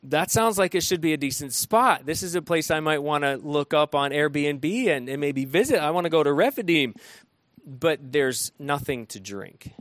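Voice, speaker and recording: Male pastor, slightly high voice, plain conversational preaching, dry close-miked sound. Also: animated, moderate pace, a bit bright, no echo. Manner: conversational preaching with frequent restarts and dramatized quotes. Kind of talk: sermon.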